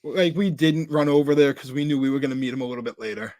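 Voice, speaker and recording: Casual male podcast co-host, rambling storyteller, mid pitch, dry close sound. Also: fairly even intonation, quick pace, darkish tone, no echo. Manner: rambling storyteller, many filler "like"s and restarts. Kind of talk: casual chat.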